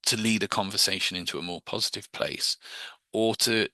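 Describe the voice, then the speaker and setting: A man's voice: fairly low pitch, steady tone, moderate pace, bright, forceful tone, no room sound. A man teaching hypnosis techniques in a chatty, informal way, often restarting and repeating words as he explains and acts out short examples.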